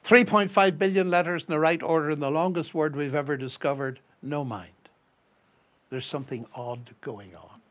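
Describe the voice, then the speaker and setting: An older man with a Northern Irish accent, telling an animated story as a professor guest in a conversation. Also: fairly high pitch, moderate pace. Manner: lively anecdote-telling with acted quotes, chuckling.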